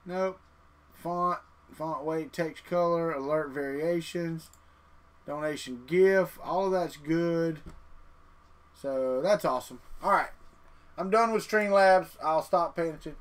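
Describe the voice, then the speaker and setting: Man, live-stream host, casual chat, slightly raised pitch, thinking out loud. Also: takes it slowly. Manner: chatty, muttering to himself while clicking through settings. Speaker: livestream host.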